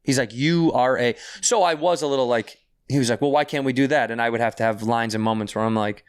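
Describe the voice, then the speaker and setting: A man's voice: mid-range voice, fairly even intonation, fast talker, clean tone. A man, a podcast guest, telling a story casually and animatedly, acting out the quoted people and swearing freely.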